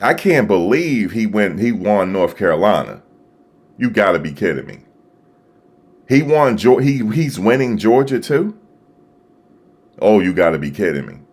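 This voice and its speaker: A man hosting a live stream, talking casually and excitedly to his viewers, repeating himself as he reacts. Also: fairly low pitch, measured pace, pauses often, breathy edge. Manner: animated, repetitive, talking to chat viewers. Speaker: livestream host. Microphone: desktop USB microphone.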